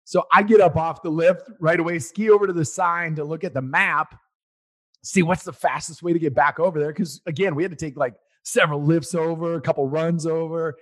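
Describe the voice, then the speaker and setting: A man in his forties telling a personal family story in casual conversation. His voice sits a little high for a man. He rambles with fillers and grows loud and lively when he recounts a quarrel. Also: a little fast. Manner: rambling and animated, gets loud reliving an argument.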